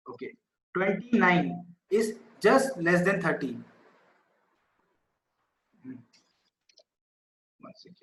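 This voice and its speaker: A man's voice: on the high side, animated, slow pace, pauses often, slight background noise. A male teacher, patiently explaining a maths lesson to students over a video call. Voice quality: patient, explanatory, repeats key numbers. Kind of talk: online class lesson. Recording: echoey room.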